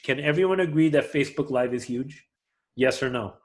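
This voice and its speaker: A man teaching a live class to a room of people, energetic and often checking that everyone is following. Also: fairly quick. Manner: energetic, swings loud and high when excited; asks the room for agreement. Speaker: class instructor.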